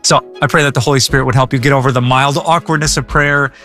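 Earnest bright-voiced male pastor. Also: mid-range voice, steady tone, fast talker, soft background music. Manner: earnest, conversational, stammers and repeats words. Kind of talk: devotional teaching.

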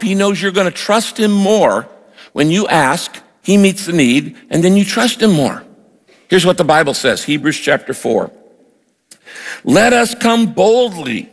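An older pastor preaches with a lively, storytelling delivery and acts out his own prayers. His voice sits a little high for a man. The sound carries a long reverb, as in a big hall. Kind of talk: sermon with personal story.

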